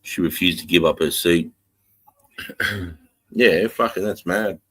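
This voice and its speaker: Low-voiced co-host, easygoing slangy banter. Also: male voice, slow, a bit bright, husky, dry recording. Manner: easygoing, swearing, says bro and mate. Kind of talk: casual chat.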